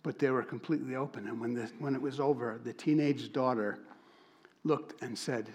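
A middle-aged male pastor tells a personal story to his congregation. He is animated, slipping into other people's voices as he retells conversations, and his voice sits at an ordinary middle pitch. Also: normal speed. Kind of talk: sermon storytelling.

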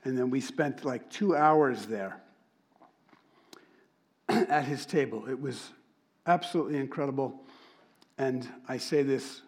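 A middle-aged man preaching, telling a personal story with lively energy and acting out the voices of people he met. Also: medium pitch, measured pace, long pauses. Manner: animated storyteller, acts out quoted voices. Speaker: pastor. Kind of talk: sermon storytelling.

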